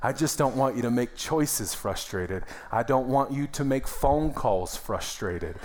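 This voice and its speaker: A man's voice: mid-range voice, expressive, measured pace, a little mellow. A young adult man, a pastor, preaching a sermon in a church in a conversational, emphatic way with calls of amen. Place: church sanctuary.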